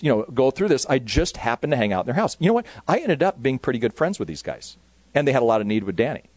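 Male youth ministry speaker, casual and rambling, with mid-range pitch and a dry close sound. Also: no room sound. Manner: casual, rambling, many fillers. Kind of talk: conference talk to youth workers.

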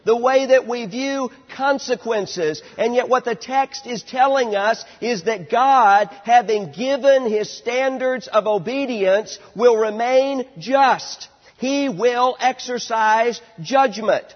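A man in his thirties preaching a sermon, emphatic and slowing down on key words, dropping to a quieter storytelling tone for anecdotes. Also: very high-pitched. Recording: dull lo-fi sound with long hall reverb.

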